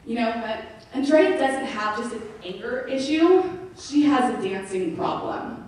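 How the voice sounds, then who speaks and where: A woman's voice: on the high side, unhurried. Woman telling jokes in an echoey club. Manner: animated storytelling with acted-out quotes. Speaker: stand-up comedian. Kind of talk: stand-up comedy set. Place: comedy club stage. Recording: echoey venue heard from far off.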